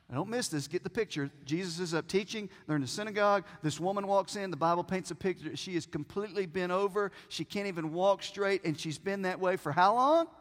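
A man preaching a sermon from a church stage, who asks the congregation questions and pauses for effect. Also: sits high. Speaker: pastor. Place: church sanctuary with a screen. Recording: long reverb of a large hall.

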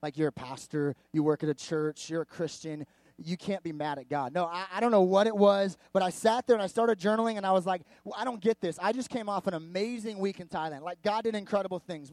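A man's voice: sits high, no echo. A man who is a pastor, giving a sermon in a candid, chatty storytelling manner, full of asides and "like". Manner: animated, candid, chatty with frequent "like". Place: church service before a live audience.

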